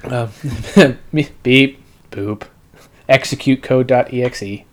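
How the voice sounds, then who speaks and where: A man hosting a casual podcast in a sarcastic, meandering way. He piles up asides and filler words as he talks things through. His pitch sits in the middle for a man. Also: takes it slowly, darkish tone. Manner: sarcastic, rambling, many "you know" fillers. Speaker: podcast host. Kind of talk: casual political podcast chat.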